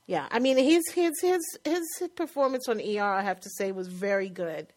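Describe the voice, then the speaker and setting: A woman with a New York accent co-hosting a casual chat about TV shows, chatty and quick to laugh. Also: mid-range voice. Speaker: podcast co-host.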